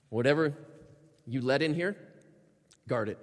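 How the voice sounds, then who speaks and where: A man's voice: fairly high pitch, lively intonation, normal speed, fairly bright tone. A man preaching a sermon as a pastor, emphatic and acting out prayers in a lifted voice. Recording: reverberant hall sound.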